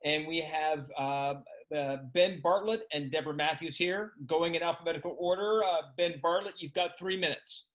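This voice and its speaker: A man moderating a virtual forum over a video call, friendly and loose with quick asides. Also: a little high, fairly bright tone, poor audio. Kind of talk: casual moderating.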